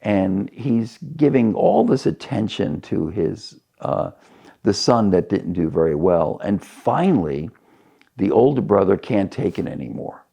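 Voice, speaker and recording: A man's voice: sits low, sing-song, measured pace, gravelly, mellow, slightly rough. A man preaching a sermon, telling a story and acting out the characters' voices as he goes.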